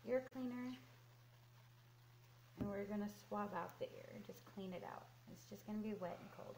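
A woman's voice: medium pitch, normal speed, gravelly, pauses often. A woman dog groomer explaining her work casually, cooing soothingly to the dog in between. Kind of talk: casual demonstration while working. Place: grooming room. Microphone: handheld camera. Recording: noisy grooming room.

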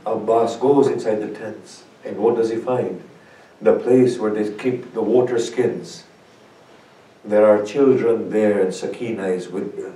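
A man as a sheikh giving a mournful sermon, telling a story slowly with dramatic pauses. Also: on the low side, a little mellow. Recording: echoey hall, speaker far from mic.

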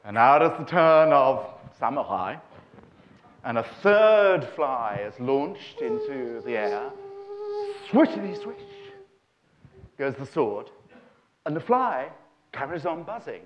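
A man's voice: mid-range voice, big pitch swings, takes it slowly, dull audio. Droll man telling jokes on stage. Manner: droll, wry asides. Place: festival stage.

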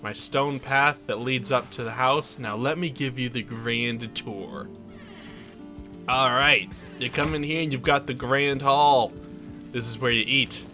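A man's voice: medium pitch, sharp tone. A man giving playful, chatty let's play commentary as he tours his game base, joking at his own expense. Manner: playful, chatty and self-mocking. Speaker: gaming channel host.

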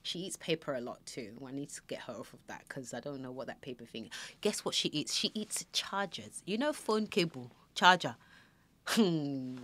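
A woman's voice: sits low, moderate pace. A woman hosting a podcast, chatting casually and acting out little quoted scenes. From Nigeria. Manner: chatty, animated storytelling with acted-out quotes. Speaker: podcast host. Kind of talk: casual chat.

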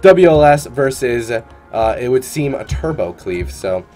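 A man's voice: mid-range voice, animated, measured pace, warm tone, faint music behind. Upbeat male esports caster. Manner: upbeat, chatty, fillers like "uh" and "man". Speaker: tournament caster and streamer. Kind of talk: live esports commentary.

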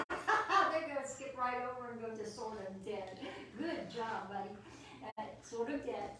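A woman giving a playful lesson for children with her dogs, animated and full of praise, laughing often. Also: fairly high pitch, slow, pauses often, noisy background. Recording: very echoey room, distant mic.

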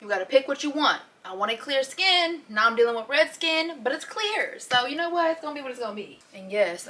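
A woman's voice: fairly high pitch, pushed and bright. A young woman chatting casually to camera at home, talking to viewers like friends. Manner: chatty, calls viewers "girl" and "y'all". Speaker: vlogger. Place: home, kitchen and bedroom.

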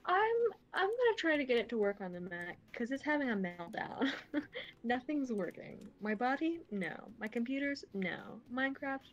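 A woman's voice: high-pitched, sing-song, moderate pace, highs cut off. A woman co-streaming a video game, chatting casually in a bubbly, easily amused way. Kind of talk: casual chat while gaming.

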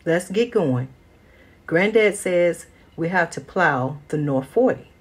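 A woman's voice: fairly low pitch, animated, slow, breathy edge, full character voice. A woman voicing a reluctant young farm boy in a storybook. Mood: boyish.

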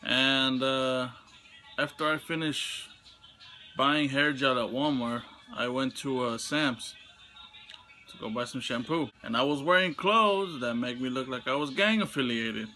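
A young man telling a storytime vlog, venting in a heated, profane way with sudden high outbursts. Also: a little slow, bright, forceful tone, faint music behind. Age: young adult. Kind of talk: casual storytime rant.

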